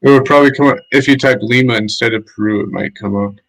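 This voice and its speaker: A man's voice: mid-range voice, fast, vocal fry, fairly bright tone, poor audio. A man chatting casually on a home livestream, laid-back and chatty, leaning on "like" a lot. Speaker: guest streamer. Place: home, living in Lima. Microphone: streaming mic setup.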